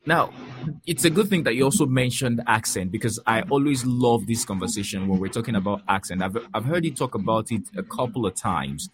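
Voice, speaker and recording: A man's voice: medium pitch, animated, brisk, crowd noise. A man from Nigeria hosting an interview, giving frequent short affirmations and summing up his guest's points. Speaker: interview host. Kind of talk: conversational interview.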